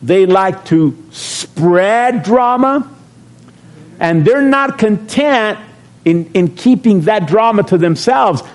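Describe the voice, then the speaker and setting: A middle-aged man preaching a sermon as pastor, folksy and joking, rising into shouted calls to the congregation. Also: high voice, lively intonation, slow pace.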